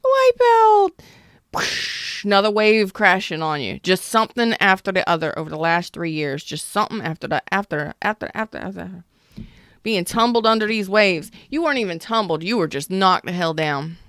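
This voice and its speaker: A woman's voice: lowish voice, lively intonation, brisk, hardly any pauses, fairly bright tone, clean tone, no echo, studio quality. A woman in her thirties giving a casual tarot reading, blunt and emphatic, swearing freely. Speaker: tarot reader.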